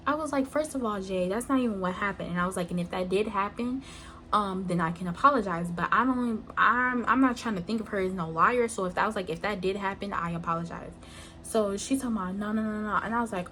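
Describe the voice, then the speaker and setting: Animated young woman telling a story. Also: a little fast, a little hiss or hum. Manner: animated storytelling, acting out quoted lines with sharp pitch jumps. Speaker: vlogger. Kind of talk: storytime vlog.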